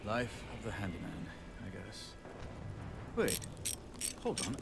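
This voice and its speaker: A man's voice: fairly low pitch, very animated, slow pace, creaky, full character voice. A man voicing a weary, self-deprecating handyman in a video game, chatty and apologetic with light laughs. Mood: rueful. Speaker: game character. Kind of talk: video game character dialogue. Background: game music.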